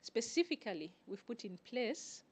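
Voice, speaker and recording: A woman, a guest organizer answering interview questions in a measured, explanatory way with frequent pauses. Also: on the high side, sing-song. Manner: measured, explanatory, pauses often to find words. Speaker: guest, networking group organizer.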